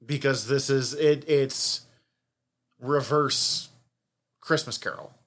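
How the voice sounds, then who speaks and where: A man co-hosting a podcast in casual chat, animated and often swearing as he exclaims. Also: mid-range voice, slow pace. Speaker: podcast co-host.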